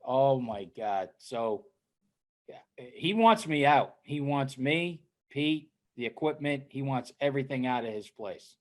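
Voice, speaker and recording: Man, casual chat, animated storyteller, keeps asking right?. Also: mid-range voice, a little slow. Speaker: co-host.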